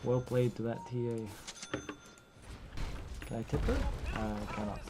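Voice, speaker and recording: Excitable man commentating his game. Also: mid-range voice, heavy background noise. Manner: excitable, quick yelps and exclamations. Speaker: gaming streamer. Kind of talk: casual gameplay commentary.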